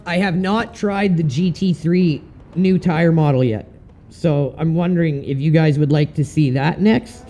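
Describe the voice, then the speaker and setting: Going over a sim racing replay for his live stream, a laid-back Canadian talks at a measured pace in a warm, mellow voice pitched slightly above the usual male range. He cusses now and then, and there's a faint hiss or hum.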